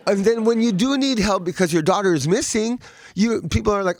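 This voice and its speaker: A man performing a stand-up comedy routine, telling an animated story and acting out the people in it. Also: sits high, a little fast. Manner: animated storytelling with voiced characters.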